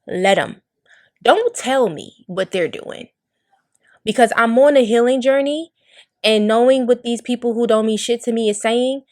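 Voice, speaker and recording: Blunt, emotional woman podcast host. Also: on the high side. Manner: blunt, emotional, swears freely. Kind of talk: candid monologue.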